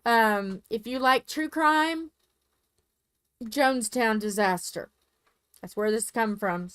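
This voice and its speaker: A woman's voice: fairly high pitch, slow, pauses often, fairly bright tone, smooth, no room sound. A woman chatting casually on a home live stream, rambling and joking and swearing freely.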